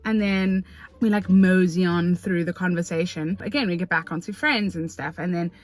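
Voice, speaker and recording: A woman's voice: lowish voice, moderate pace. Chatty South African woman vlogging from a car. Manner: excitable and chatty, lots of fillers and slang. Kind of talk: casual storytelling to camera. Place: parked car.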